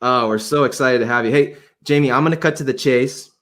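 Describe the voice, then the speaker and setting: A man hosting an interview show, talking in an excited, enthusiastic way. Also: mid-range voice, fairly quick. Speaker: podcast host.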